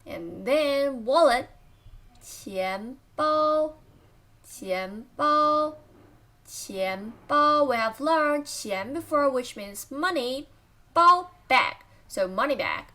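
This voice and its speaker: A woman teaching vocabulary in a lesson, slowly repeating each word and naming its tones. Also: sits high, expressive, pushed and bright. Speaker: Chinese language teacher.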